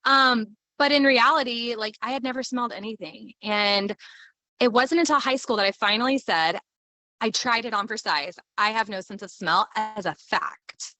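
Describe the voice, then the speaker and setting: A woman's voice: fairly high pitch, normal speed, pushed and bright, no echo. A woman hosting a live stream as a leadership coach, talking in a bubbly, enthusiastic, playful way. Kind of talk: casual motivational live talk.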